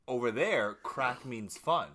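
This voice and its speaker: A man's voice: medium pitch, animated, slow pace, crowd noise. A man in a casual podcast chat, telling stories with dry, wry humor. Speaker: podcast co-host.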